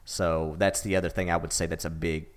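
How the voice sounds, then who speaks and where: Deep-voiced man rambling about games. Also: little pitch movement, fairly quick. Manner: rambling, enthusiastic. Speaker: podcast co-host. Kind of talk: casual chat.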